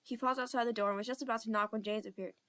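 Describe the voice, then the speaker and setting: A woman's voice: on the high side, fairly even intonation, racing, fairly bright tone. Young woman reading a fan audiobook. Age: young adult. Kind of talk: amateur audiobook narration.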